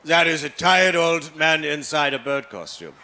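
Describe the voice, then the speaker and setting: A man's voice: a little high, lively intonation, very noisy, voice pushed up. A man doing a stern angry German dad. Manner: slow, emphatic, loud lecturing. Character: stern angry German father lecturing his son.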